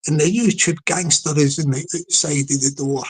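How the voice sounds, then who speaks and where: A man's voice: fairly high pitch, fairly even intonation, normal speed, slightly rough, low-quality recording. A Scottish man hosting a comedic livestream, chatting and rambling with frequent restarts. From Scotland. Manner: chatty, repeats words, many restarts. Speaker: livestream host. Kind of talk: rambling comedic live commentary.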